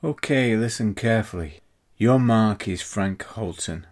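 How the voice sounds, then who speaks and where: A man voicing a male spy handler who briefs agents on a mission, in a brisk, measured way. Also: fairly low pitch, a little mellow. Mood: stern.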